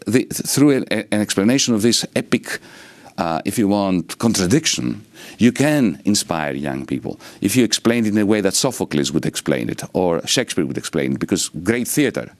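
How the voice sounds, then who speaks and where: A middle-aged Greek-accented man speaks in a very low voice, explaining with sweeping, lecture-like rhetoric. The recording is close and dry, with no room sound. He is an economist answering interview questions. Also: no echo. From Greece. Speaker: economist and politician guest.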